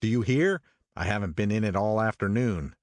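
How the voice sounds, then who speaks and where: Man reading as gruff wealthy man, authoritative, deep voice, audiobook. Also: normal speed, dry recording, lightly acted. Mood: urgent. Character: brusque burly wealthy man, commanding. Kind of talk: audiobook character voice.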